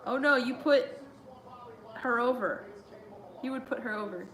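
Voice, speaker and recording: A woman's voice: fairly high pitch, measured pace, fairly bright tone. A young woman hosting a casual live watch-along stream, chatty and giggly as she reads viewer chat aloud. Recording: roomy echo.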